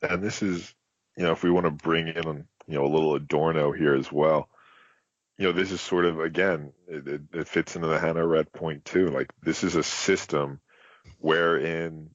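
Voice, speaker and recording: A man co-hosting a podcast who talks in a lecturing way, halting often with fillers. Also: a bass voice, fairly even intonation, no room sound, muffled recording. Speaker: podcast co-host. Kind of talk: casual podcast discussion.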